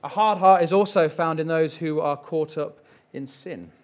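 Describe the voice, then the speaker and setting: Male preacher, gentle reflective sermon delivery, slightly raised pitch. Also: moderate pace.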